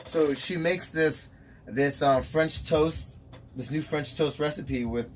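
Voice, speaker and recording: A man with a slightly high voice speaks slowly over a faint hiss or hum. He's telling a story in casual conversation, animated and laughing often as he acts out the quotes.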